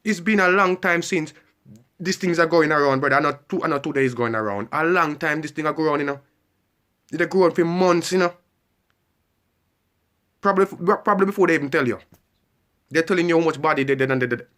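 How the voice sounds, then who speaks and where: A man's voice: a little high, a little fast, pauses often, a bit bright. Heated ranting man. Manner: heated, repetitive, keeps asking the listener. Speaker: vlogger. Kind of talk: ranting monologue.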